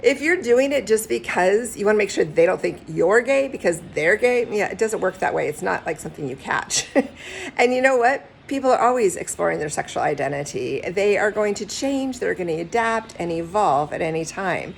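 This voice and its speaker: Candid woman matchmaker, slightly gravelly. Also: medium pitch, moderate pace, a little hiss or hum. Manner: candid, direct, animated storytelling with acted quotes. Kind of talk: direct-to-camera advice vlog.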